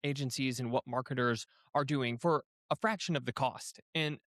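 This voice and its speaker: A man's voice: mid-range voice, normal speed, fairly bright tone, dry recording, clean studio sound. A man hosting a podcast, who agrees often and asks musing questions. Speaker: podcast host. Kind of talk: casual interview conversation.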